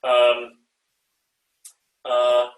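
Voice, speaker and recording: A man leads an online choir rehearsal over a video call, hesitating with frequent ums and uhs and singing short bits of music or speaking phrases to show how they should go. His mid-range voice is delivered completely flat, and he's far from the mic in an echoey room.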